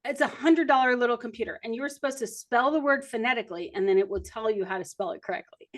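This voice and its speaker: A woman's voice: fairly high pitch, fast, few pauses. Woman, 50s, podcast host; chatty storyteller who pokes fun at herself. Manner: chatty, self-deprecating, animated storytelling. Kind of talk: casual chat.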